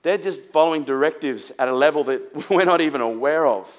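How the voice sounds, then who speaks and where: A man's voice: on the high side, brisk. A man giving an emphatic seminar talk to a live audience, firing rhetorical questions and swearing bluntly. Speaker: motivational speaker.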